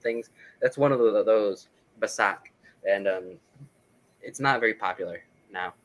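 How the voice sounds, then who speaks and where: Speaking at a measured pace in a lowish voice, a man appears as an interview guest on poor audio. He explains his records casually and enthusiastically, rambling with lots of fillers and restarts.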